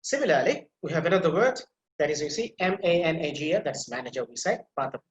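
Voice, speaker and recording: A male teacher giving a pronunciation lecture, repeating example words slowly and stressing their syllables, a native Bengali speaker. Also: on the high side, animated, reverberant, highs cut off, a little hiss or hum. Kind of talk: online lecture.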